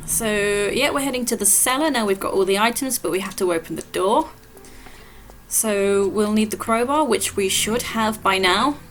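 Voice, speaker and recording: A woman giving relaxed, explanatory commentary while playing through a game level. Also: medium pitch, normal speed, slight background noise. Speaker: gameplay walkthrough host. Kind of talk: casual gameplay commentary.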